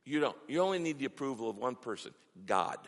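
A man's voice: mid-range voice, big pitch swings, quick pace, vocal fry. A middle-aged man preaching a sermon as pastor, with an emphatic, repetitive cadence. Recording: long reverb of a large hall.

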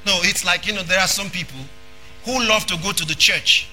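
A man preaches with a high, piercing, bright voice. He repeats phrases for emphasis and often rises into a shout. Soft music plays underneath. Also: a little fast. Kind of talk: sermon.

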